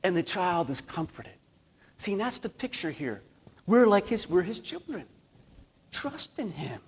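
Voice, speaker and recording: A man preaching a sermon as pastor, slowing down for emphatic lines, asking rhetorical questions, surging in loudness and adding self-deprecating humor. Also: high voice, sing-song, slightly rough. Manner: impassioned preaching with slow emphatic phrases and sudden surges in loudness.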